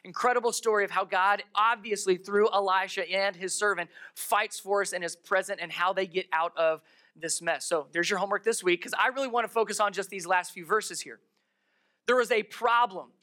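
A pastor delivers a sermon in a relaxed, chatty storytelling manner, stopping for asides and questions to the congregation. The voice is bright and forward, at a medium pitch. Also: a little fast. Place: church service held in a darkened theater.

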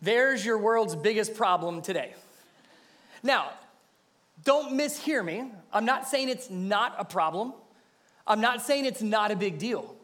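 Male pastor, high-pitched, earnest emphatic sermon delivery with repeated phrases. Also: lively intonation, a little slow, a bit bright. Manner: earnest, speaks directly to the listeners.

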